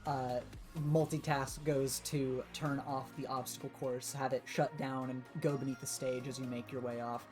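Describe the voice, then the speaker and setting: A man narrating a tabletop role-playing game as game master, relaxed and full of filler words. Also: medium pitch, normal speed, soft background music. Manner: relaxed, filler-heavy narration with many uhs.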